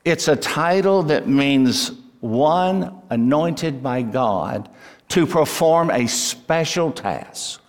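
Slow emphatic male preacher in a hall. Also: a little high, expressive. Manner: deliberate, emphatic preaching with rising peaks on key words. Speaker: pastor. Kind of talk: sermon.

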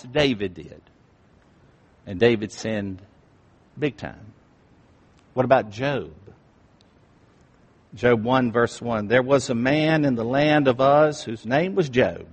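A male pastor preaching a sermon, swinging from hushed asides to emphatic, rising appeals. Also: medium pitch, takes it slowly, pauses often, slightly rough. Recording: reverberant hall.

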